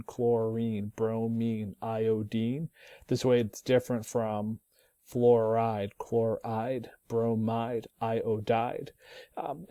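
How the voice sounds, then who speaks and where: Relaxed man teaching with a dark voice. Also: medium pitch, no room sound. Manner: relaxed, thinking aloud with many ums and restarts. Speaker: chemistry teacher. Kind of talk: recorded classroom lesson.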